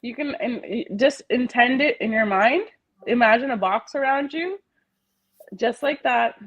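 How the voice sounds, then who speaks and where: Giggly chatty woman with a higher voice. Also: a little slow, low-quality recording. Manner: laughs often, chatty and playful; gently guiding, soothing instructions. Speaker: healing facilitator and host. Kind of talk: casual livestream healing session.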